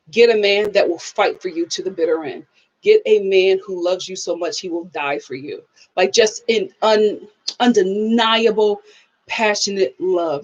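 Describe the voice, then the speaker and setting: A woman's voice: lowish voice, dull audio. A woman hosting a casual live stream, telling stories with animation, acting out quotes and reading viewer comments. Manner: animated storyteller who acts out quotes and laughs often.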